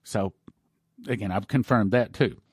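Animated male pastor telling a story. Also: medium pitch, normal speed, no room sound, studio quality. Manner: animated, conversational retelling. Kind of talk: broadcast storytelling sermon.

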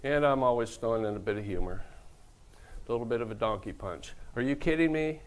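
A man's voice: fairly low pitch, fast talker, low-quality recording. A middle-aged man preaching a humorous sermon as pastor, telling stories and acting out the people he quotes. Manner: joking, storytelling, acts out quoted voices.

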